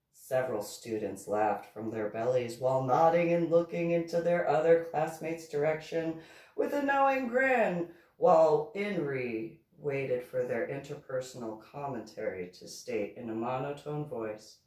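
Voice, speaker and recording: A woman, an author, reading her own novel aloud slowly and deliberately. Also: darkish tone. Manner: slow, deliberate reading with a wide pitch swing. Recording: echoey room, far from mic.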